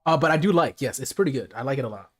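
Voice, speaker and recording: Talking rapid-fire in a mid-range voice, a man hosts a relaxed late-night livestream from home, chatting in loose slang while he eats. His streaming mic runs a noise gate and filters.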